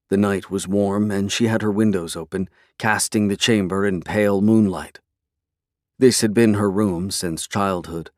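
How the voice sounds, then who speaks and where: A man narrating a fantasy novel in a measured, even storytelling way. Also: fairly low pitch, no echo, clean studio sound. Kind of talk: scripted fantasy audiobook narration.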